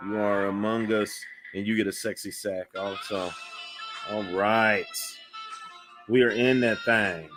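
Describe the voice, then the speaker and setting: A man's voice: lowish voice, steady tone, unhurried, over music. Upbeat man hosting a livestream. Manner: upbeat, reads viewer donations aloud. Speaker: livestream host. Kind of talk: casual livestream chat.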